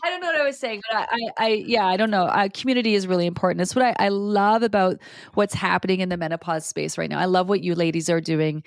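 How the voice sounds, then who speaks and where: A woman in her forties, a podcast guest, telling personal stories in a blunt, profane, animated way with frequent restarts. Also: medium pitch, quick pace, no echo, studio quality. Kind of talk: candid conversational storytelling.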